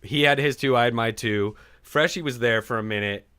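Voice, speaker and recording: Bright-voiced man telling a rambling story. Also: medium pitch, fairly quick, clear, resonant tone, dry recording, clean studio sound. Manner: profane, rambling, lots of fillers. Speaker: podcast co-host. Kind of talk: casual storytelling. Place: studio room.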